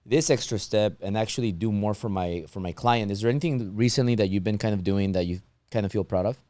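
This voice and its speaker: A man hosts a casual interview in a low, unhurried voice. He asks his questions loosely, restarting and circling back as he goes. The sound is dry and close, with no room in it. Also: no room sound. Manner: relaxed, halting questions with restarts. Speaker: podcast host.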